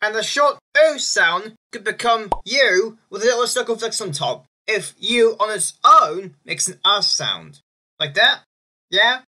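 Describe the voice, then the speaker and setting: A woman's voice: medium pitch, lively intonation, a little slow, sharp tone, slight background noise. A woman narrating a casual explainer video over slides, chatty and often checking in with a rising "yeah?". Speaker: video creator explaining spelling reform.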